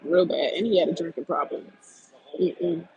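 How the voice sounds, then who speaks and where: A woman hosting a live stream, venting bluntly and profanely in a casual, animated rant about dating. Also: on the low side, normal speed, dull audio. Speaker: lifestyle channel host on a live stream.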